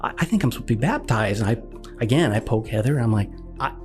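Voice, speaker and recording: A man's voice: mid-range voice, very fast, soft background music. Earnest man telling a personal story. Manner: earnest, animated retelling with quoted dialogue. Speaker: guest sharing testimony.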